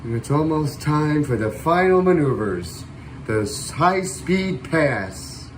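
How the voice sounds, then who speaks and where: A man hosting a livestream, calling a virtual air show in playful announcer style with loud whoops. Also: on the high side, animated, slow, a little hiss or hum. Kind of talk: playful air show commentary over a flight sim stream.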